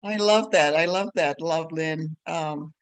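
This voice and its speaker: High-voiced man, heavy accent, easygoing moderator, dry sound. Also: a little slow, no echo. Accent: heavy non-native English.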